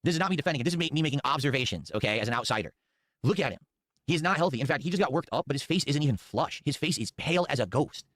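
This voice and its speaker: A commentary channel host reacts to clips, mocking them in an animated way and wandering into rambling asides. His voice is on the high side and rapid-fire, with no echo.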